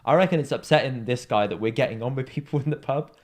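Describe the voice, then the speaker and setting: Young male podcast co-host, lively storyteller who does the voices, mid pitch. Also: quick pace. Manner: animated storyteller, acts out quoted voices with big pitch jumps. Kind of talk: casual storytelling chat.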